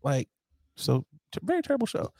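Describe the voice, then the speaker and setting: A man co-hosting a podcast in casual chat, joking and telling animated stories. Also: a little high, brisk, gravelly, breathy edge, dry recording, clean studio sound. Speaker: podcast co-host.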